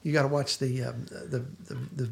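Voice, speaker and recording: A man's voice: medium pitch, steady tone, normal speed, gravelly. A male podcast host casually discussing a TV episode, retelling its scenes with lots of restarts and fillers.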